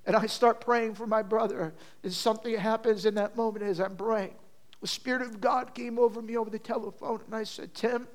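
A man with a high voice preaches, telling a personal story full of feeling at a brisk pace and steady tone. He swells into loud passages and then drops almost to a hush.

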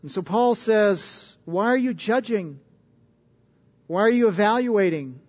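A man's voice: high voice, expressive, a little slow, darkish tone. A man preaching a sermon as pastor, earnest and emphatic, pressing hard on key words. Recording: dull sound with long hall reverb.

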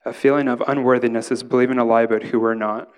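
A man's voice: mid-range voice, level tone, fast, clear, resonant tone. Man preaching a casual sermon. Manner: casual, conversational preaching with frequent "right?" asides. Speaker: pastor.

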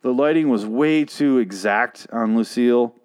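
A man's voice: medium pitch, normal speed, a little mellow, smooth. Irritated man ranting about a TV episode. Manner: angry, profane ranting with frequent restarts. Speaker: TV episode reviewer. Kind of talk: casual recap rant.

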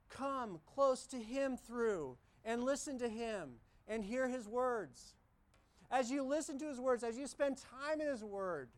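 A pastor preaching a sermon during a church service, talking emphatically, repeating key phrases and asking the congregation questions. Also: medium pitch. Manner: emphatic, repetitive, asks the congregation many questions.

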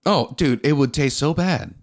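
A man co-hosting a casual comedy podcast, telling crude jokes and animated stories. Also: on the high side, moderate pace. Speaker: podcast co-host.

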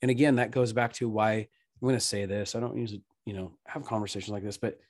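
A man in his thirties, a podcast guest, telling a candid, emotional personal story in an earnest way and growing soft when he speaks of faith. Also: on the low side, steady tone, quick pace, no room sound, clean studio sound.

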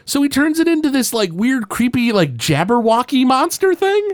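Animated man recapping a cartoon. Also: very high voice, no echo, studio quality. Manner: animated, loose retelling with many fillers and quick put-on quotes. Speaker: podcast co-host. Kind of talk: casual chat recapping a cartoon episode.

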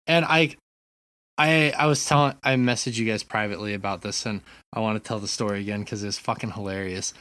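A man co-hosting a casual gaming podcast from his apartment, telling stories with lively swearing and restarts. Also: on the low side, a little fast. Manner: animated storytelling, frequent swearing. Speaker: podcast co-host. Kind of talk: casual chat.

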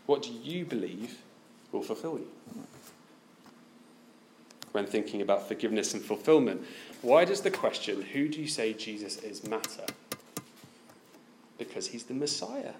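Lively male preacher with an animated voice. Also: medium pitch, moderate pace, pauses often, a little hiss or hum. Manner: lively, asks the listeners many direct questions. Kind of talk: sermon.

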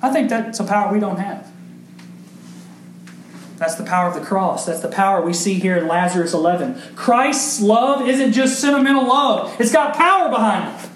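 Male pastor, high voice, emphatic sermon delivery, echoey sanctuary with faint hiss. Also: animated, moderate pace, a bit bright. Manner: preaching with emphatic rises and questions to the congregation. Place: church sanctuary. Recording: echoey church room with faint background noise.

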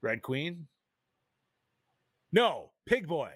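A man co-hosting a casual podcast chat, animated and profane, saying "dude" a lot. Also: on the high side, very slow, no echo, clean studio sound. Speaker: podcast co-host.

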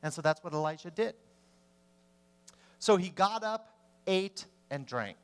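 A man preaching a sermon as a pastor, telling the story with animation and swinging from loud to hushed. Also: high voice, lively intonation, a little slow, clear, resonant tone, soft background music.

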